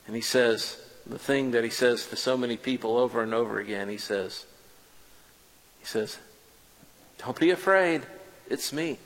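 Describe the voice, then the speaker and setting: Male preacher, mid pitch, tells the story in first person, loud then hushed, long hall reverb. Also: moderate pace. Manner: animated, swings between loud and hushed.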